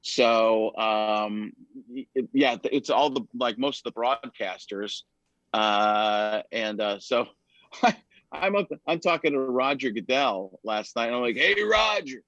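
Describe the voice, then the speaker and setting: A man's voice: medium pitch, slow, no room sound, lo-fi sound. A man, a comedian guest, telling stories in casual chat and dropping into character voices. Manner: animated, slips into character voices mid-story. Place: lives in Arizona.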